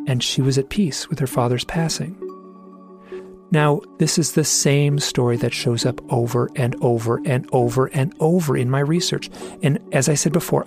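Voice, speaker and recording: A man's voice: mid-range voice, darkish tone. A middle-aged man telling a personal story in an earnest, reflective way, often restarting his sentences. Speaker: speaker telling owl stories.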